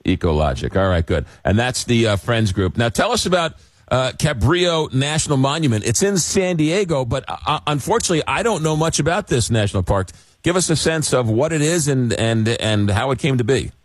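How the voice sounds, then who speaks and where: A man's voice: mid-range voice, lively intonation, fairly quick, no room sound. Radio host guy, easygoing, trips on names a bit, dry close mic. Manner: casual, stumbles over names. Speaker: radio talk show host. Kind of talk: radio interview.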